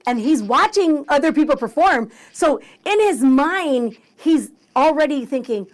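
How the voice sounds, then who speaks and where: Bubbly high-voiced woman. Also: unhurried. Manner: bubbly, excitable, acts out quotes. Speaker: radio show emcee, guest. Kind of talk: animated storytelling in conversation.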